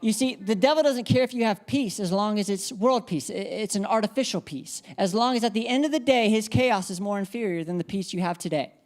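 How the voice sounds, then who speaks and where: A woman's voice: mid-range voice, brisk, hardly any pauses, darkish tone. A woman preacher giving an emphatic church sermon, repeating key phrases and leading the congregation in responses.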